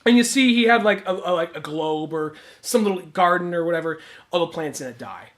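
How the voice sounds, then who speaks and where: A young man co-hosts a podcast in casual chat, his voice a little high and his pace brisk. He tells stories in a rambling way, full of fillers and restarts.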